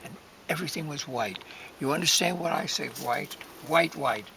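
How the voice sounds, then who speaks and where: A man's voice: on the high side, animated, normal speed, gravelly, a crowd in the background. An older man telling a long story in a casual way, acting out the people in it and sometimes dropping to a whisper. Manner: acts out quoted voices, drops to whispers. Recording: distant mic with loud background noise.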